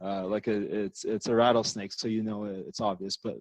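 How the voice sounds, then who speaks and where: A man's voice: on the low side, little pitch movement, fairly quick, dry recording, low-quality recording. A man from Canada, a podcast guest, chatting casually and rambling through stories with lots of fillers. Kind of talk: casual chat.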